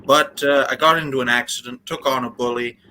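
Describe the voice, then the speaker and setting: A man from Wales, a guest on a casual live stream, talking in a halting way with many restarts and slightly formal phrasing. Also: mid-range voice, steady tone, bright, forceful tone, slight background noise, poor audio.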